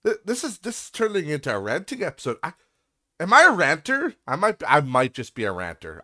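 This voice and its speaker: A man's voice: a little high, fairly bright tone, no echo, clean studio sound. Profane, sarcastic man ranting. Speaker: podcast host. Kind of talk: ranting podcast monologue.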